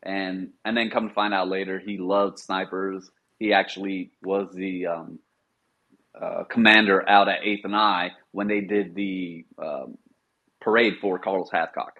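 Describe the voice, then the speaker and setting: A middle-aged man, a former Marine, telling relaxed stories as a podcast guest and acting out quoted dialogue. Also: low-pitched, unhurried, phone-quality sound. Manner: relaxed anecdotal, often acts out quoted dialogue. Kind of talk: casual storytelling.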